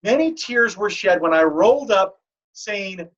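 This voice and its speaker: A man hosting a fantasy football league podcast, telling stories in a joking, animated way. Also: sits high, a little slow. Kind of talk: casual podcast chat. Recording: dull lo-fi audio.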